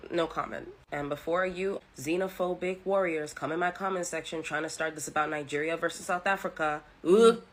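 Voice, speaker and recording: Lowish-voiced woman, blunt and opinionated, casual online take. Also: steady tone, a little fast, hardly any pauses. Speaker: online commentator.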